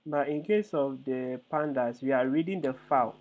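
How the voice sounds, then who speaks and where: A slightly mellow, medium-pitched male voice moves at a moderate pace as he explains code step by step in a live online lesson. He hesitates and fills often, and the audio comes across tinny and phone-like.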